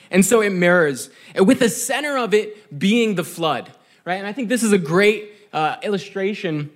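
A man's voice: high-pitched, fairly bright tone. A young man giving a sermon in a conversational, earnest way, often checking in with "right?". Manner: conversational, keeps asking "right?"; earnest, reflective. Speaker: preacher.

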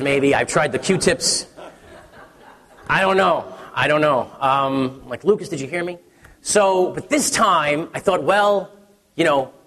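Pastor guy in his 30s telling a story in a sermon, kinda husky, big echoey hall. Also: fairly high pitch. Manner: conversational storytelling with many restarts, acts out his son's excited voice.

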